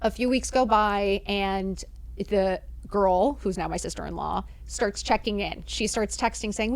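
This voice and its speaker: A woman's voice: mid-range voice, measured pace, dry recording. A woman who is a podcast guest, telling a story in casual chat, acting out quoted dialogue and swearing freely.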